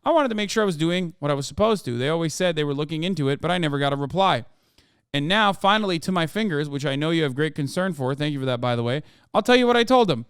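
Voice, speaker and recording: Streamer doing an Icelandic-accented letter reader. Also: male voice, fairly high pitch, expressive, fast, smooth, no echo, studio quality, close to an everyday voice. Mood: matter-of-fact. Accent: put-on Icelandic. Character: man reading his own open letter in Icelandic accent.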